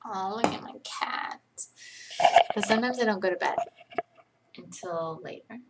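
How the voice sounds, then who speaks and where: A woman's voice: medium pitch, expressive, unhurried, creaky, heavy background noise. A young woman hosting a casual late-night live Q&A from home, chatty and rambling, often poking fun at herself. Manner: chatty, rambling, self-deprecating. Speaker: livestream host.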